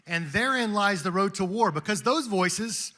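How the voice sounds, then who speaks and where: A man's voice: high-pitched, lively intonation, moderate pace, sharp tone. A man giving an impassioned Christian motivational speech to a room of men, rousing and quoting famous speeches. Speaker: speaker at a men's gathering. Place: meeting room with an audience.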